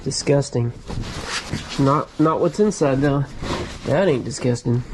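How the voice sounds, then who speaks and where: At a medium pitch and a little slowly, an American man hosts a vlog from inside a storage locker, recorded on a GoPro camera amid a noisy background. The reseller and channel host enthusiastically shows off his finds, thinking out loud and occasionally whispering.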